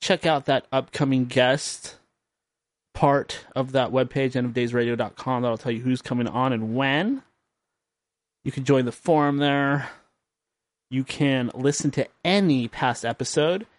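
A man's voice: medium pitch, no echo. A man hosting his own late-night podcast, rambling and joking at his own expense, tired and drowsy. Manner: rambling, joking, self-mocking. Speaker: podcast host. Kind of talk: late-night radio show monologue.

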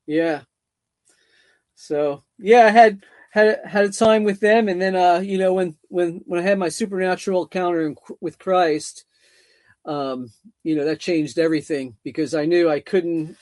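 A man's voice: sits high, normal speed, a little mellow, no echo. A middle-aged man telling his story as an interview guest, rambling with many repeats and fillers.

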